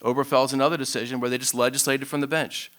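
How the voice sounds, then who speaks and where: A man answering as a congressional candidate in a debate forum, firm and deliberate. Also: medium pitch, flat delivery, a bit bright.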